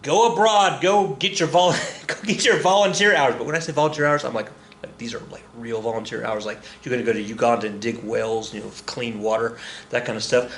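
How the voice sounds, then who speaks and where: A man's voice: mid-range voice, a little fast, a bit bright. A man in his fifties teaching history in a loose, chatty way, full of jokes and self-corrections. His mid-range voice rings in a roomy space. A faint hum sits underneath. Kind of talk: casual recorded lesson.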